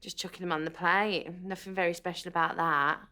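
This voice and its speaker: A woman's voice: on the low side, steady tone, a little fast, bright, forceful tone, smooth. A woman, a dinner-party contestant, sounding dismissive and unimpressed.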